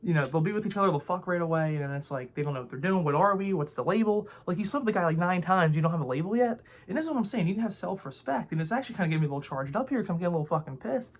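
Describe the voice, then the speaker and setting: A man's voice: sits high, animated, very fast, few pauses. A young man ranting to camera in a rambling, heated way, full of filler words and swearing. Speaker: vlogger. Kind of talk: casual opinion rant to camera.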